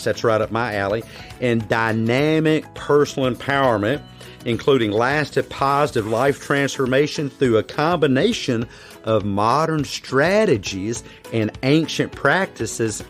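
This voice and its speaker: A man with an American Southern accent hosting a podcast interview, talking in a folksy, chatty way. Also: mid-range voice. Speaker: podcast host.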